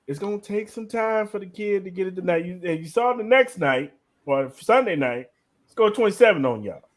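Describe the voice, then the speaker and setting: A man's voice: high-pitched, lively intonation, moderate pace. A young man co-hosting a podcast, giving blunt, slangy opinions in casual chat. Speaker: podcast co-host.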